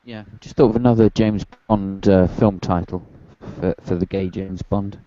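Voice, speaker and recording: A man's voice: low voice, steady tone, moderate pace, dark tone, no room sound. A man in a casual group chat, teasing with dry jokes. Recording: dull lo-fi stream audio.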